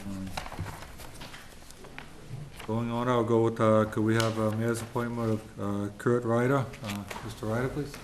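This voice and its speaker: A man chairing a city council committee meeting, talking haltingly with many filler words. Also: lowish voice, flat delivery. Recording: noisy meeting-room recording.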